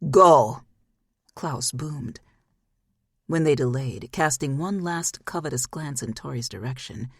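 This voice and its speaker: A woman's voice: sits low, darkish tone, husky, no room sound, clean studio sound. A woman narrating a fantasy audiobook in a scripted style, acting out the characters' lines. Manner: acts out each character's lines.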